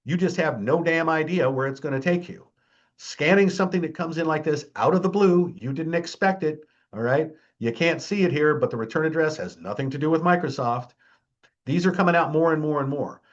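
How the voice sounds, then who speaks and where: This security awareness trainer is a man whose slightly high voice runs a little fast, with the highs cut off in the recording. Chatty and emphatic, he keeps checking on his audience and pokes wry fun at scams.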